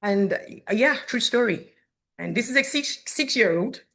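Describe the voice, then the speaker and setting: Speaking a little slowly, this Canadian parent in her thirties has a slightly high, animated voice with a fairly bright tone. At a community forum she offers sincere, open testimony, narrating events and quoting dialogue.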